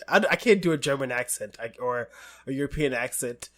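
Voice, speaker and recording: Laughing, animated male podcast host. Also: medium pitch, brisk. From United States. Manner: animated, laughs often, talks in long stories. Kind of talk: casual chat.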